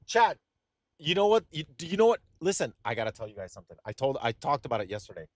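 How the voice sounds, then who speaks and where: A young man streaming live, chatting casually and excitedly straight to his viewers, rambling between thoughts. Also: mid-range voice, fast, no echo.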